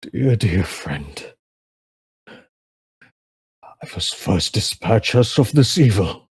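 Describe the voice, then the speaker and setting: A man voicing a weary, heroic old warrior who speaks slowly and earnestly to a fallen friend. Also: on the low side, sing-song, slightly rough, dry recording, studio quality, full character voice. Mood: solemn. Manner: slow, solemn and earnest.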